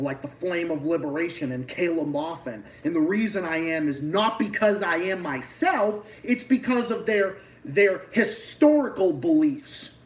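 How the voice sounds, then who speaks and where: A man's voice: a little high, far from the mic, low-quality recording. Ranting Boston man, set back from the mic. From Massachusetts. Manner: heated, profane ranting with many restarts. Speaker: livestream host. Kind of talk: political rant on a livestream.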